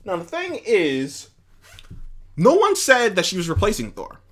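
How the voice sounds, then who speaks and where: A man hosting a casual opinion commentary, rambling and animated, with many fillers and restarts. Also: high-pitched, a little slow. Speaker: commentary host.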